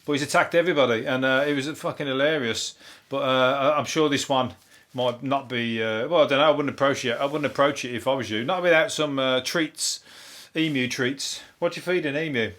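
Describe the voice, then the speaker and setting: A man with a Brummie accent hosts a comedy podcast, talking at an ordinary pitch. He rambles through the day's stories in a dry, deadpan way, swearing freely and stumbling over fillers and restarts. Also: a little fast. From England. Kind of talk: rambling topical comedy monologue.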